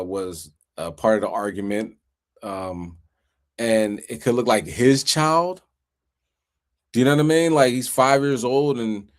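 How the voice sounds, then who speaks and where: A man teaching a casual Bible class in a conversational way, often asking "you know what I mean" and acting out quoted voices. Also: on the low side. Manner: animated, acts out quoted voices.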